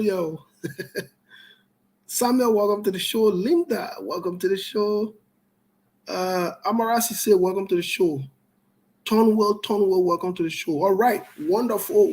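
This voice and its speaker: A man with a high-pitched voice, heard over poor audio, hosts a call-in show. Slowly and deliberately, he welcomes each caller by name in a steady string, tosses in jokes, and then turns to politics.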